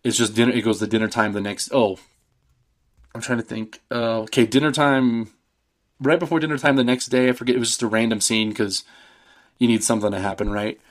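A man's voice: medium pitch, steady tone, a little fast. A man in his thirties casually recapping a film on a podcast, rambling and swearing, acting out the characters' lines. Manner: rambling, swearing, acts out quotes with laughs. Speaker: podcast host.

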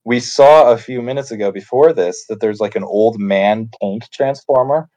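A man in a casual movie discussion, chatting in a relaxed way and adding bits of trivia. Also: mid-range voice, normal speed, low-quality recording.

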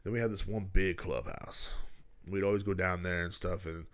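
A man's voice: low voice, steady tone, moderate pace. A man, hosting a podcast and telling rambling, profane stories, laughing as he goes. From Texas. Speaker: podcast host. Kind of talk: casual storytelling.

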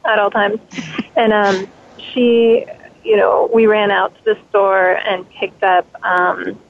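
A woman's voice: medium pitch, level tone, takes it slowly, gravelly. A woman calling in to a radio show, telling a story in a chatty, rambling way. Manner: rambling, chatty, with fillers and laughs. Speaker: caller, the host's daughter. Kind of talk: casual chat on a phone-in. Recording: tinny phone line.

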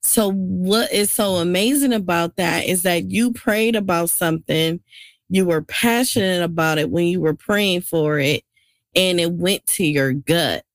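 A woman hosts a podcast and responds to her guest with encouragement and reflection. Her voice sits low. The recording is close and dry, with no room sound. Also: a little slow, no echo. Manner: affirming, reflective on faith. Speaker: podcast host. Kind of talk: podcast interview.

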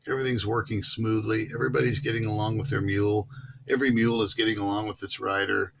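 A man's voice: on the low side, little pitch movement, quick pace, vocal fry, background noise. A man who teaches mule-riding clinics, talking casually as an interview guest and telling stories with many fillers. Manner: drawling storyteller with fillers.

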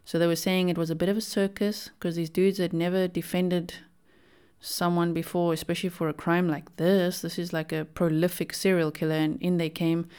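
A woman's voice: lowish voice, little pitch movement, moderate pace, a little mellow, clear, resonant tone. A young adult woman hosting a podcast, giving casual, opinionated commentary with lots of "like" fillers. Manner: chatty, opinionated, many "like" fillers. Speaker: podcast host.

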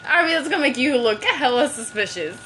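A woman playing a video game with a cousin, trash-talking loudly and then sulking in a low mumble. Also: expressive, fairly quick, slight background noise. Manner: loud, swings between yelling and mock-sulky mumbling. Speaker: podcast host playing a game. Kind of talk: casual gaming banter.

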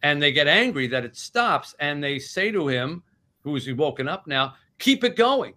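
A man's voice: a little high, lively intonation, moderate pace, pushed and bright. A man in his sixties, an author talking casually about his book in an interview. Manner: chatty, retelling scenes with voices. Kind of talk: animated storytelling in conversation.

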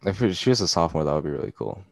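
A teenage boy talking casually as a podcast guest, teasing his friends and quick to react. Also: sits low, big pitch swings, creaky.

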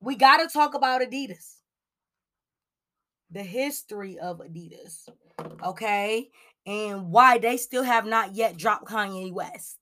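A woman's voice: mid-range voice, unhurried, long pauses. Chatty woman gossip host. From Cleveland, Ohio. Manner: chatty, lots of "like" and "um", animated asides. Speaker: celebrity gossip podcast host. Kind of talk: casual gossip commentary.

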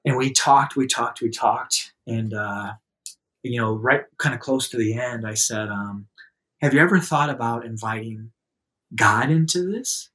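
A man with an average-pitched voice tells a personal story in a casual, chatty way. He acts out what people said with a raised, livelier voice and laughs easily. In serious moments he drops to a soft, quiet voice. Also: measured pace. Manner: lively anecdotal telling, acts out quotes in a raised voice. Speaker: guest telling a story.

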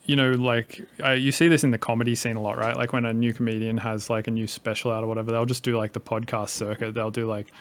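A man's voice: mid-range voice, little pitch movement, fast talker, few pauses. A man in his thirties from Australia with a light Australian accent, a podcast guest talking casually in a rambling way and swearing freely.

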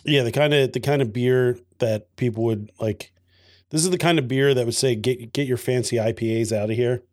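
A man's voice: mid-range voice, normal speed, darkish tone, dry recording. Laid-back man with dry humor. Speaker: podcast co-host. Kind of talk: casual chat over beer.

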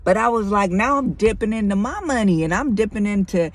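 A woman's voice: mid-range voice, expressive, fairly quick. A middle-aged woman speaking candidly and conversationally to her listeners, sharing a personal faith testimony. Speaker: Christian vlogger.

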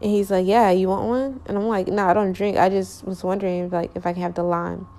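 A woman's voice: medium pitch, steady tone, quick pace, dark tone. A young woman casually telling a long personal story, rambling with lots of fillers and slang, correcting herself as she goes, sleepy and yawning.

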